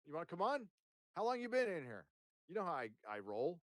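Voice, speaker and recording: On a live stream, a male host jokes around casually with viewers and a guest, rambling and swearing a lot through his headphones and desk mic. His voice is high with wildly swooping pitch, fairly quick, and has no echo.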